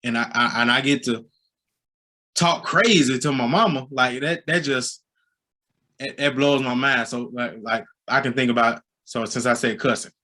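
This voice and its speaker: A man in his forties, a high school basketball coach with a Southern American accent, telling stories in a casual interview and getting loud and animated as he goes. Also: moderate pace. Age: 40s. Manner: storytelling, gets loud and animated when excited.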